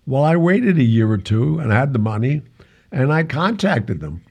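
Older guy on a podcast spinning a yarn, gravelly and a bit husky, does all the voices in his story. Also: mid-range voice, normal speed. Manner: lively storyteller who acts out the quoted dialogue and chuckles often. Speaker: podcast guest. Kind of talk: anecdotal storytelling.

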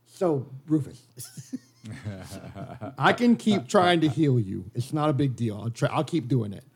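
Husky man with a lively voice at the game table. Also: mid-range voice, a little slow. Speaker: player.

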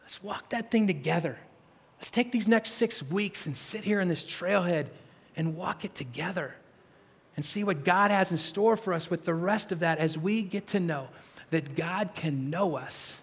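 A man's voice: high-pitched, a little slow, breathy edge. A man preaching a sermon, telling stories earnestly and with animation, then leading a prayer. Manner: earnest, animated storyteller with stammered restarts. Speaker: pastor. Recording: long reverb of a large hall.

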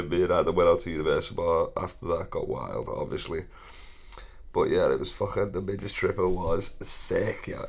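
A thirty-year-old man, hosting a podcast and telling rambling, sweary stories with frequent laughs and self-corrections. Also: low voice. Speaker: podcast host. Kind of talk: casual storytelling monologue.

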